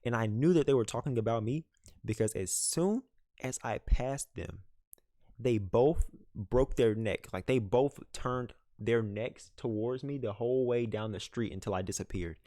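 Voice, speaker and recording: A man's voice: medium pitch, moderate pace, no room sound, clean studio sound. Young man telling a casual story. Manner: casual, animated retelling with many fillers. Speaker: vlogger. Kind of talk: storytime vlog. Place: home room, dog nearby.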